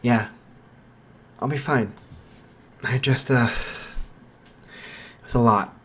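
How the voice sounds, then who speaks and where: A man voicing a shy gentle teen boy. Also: medium pitch, slow, a little hiss or hum, close to an everyday voice.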